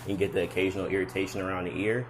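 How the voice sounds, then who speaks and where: A young man vlogging in a friendly, polite, chatty way, with casual slang and sales-pitch patter. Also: level tone, racing, background noise. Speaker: vlogger selling door to door. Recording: loud background music.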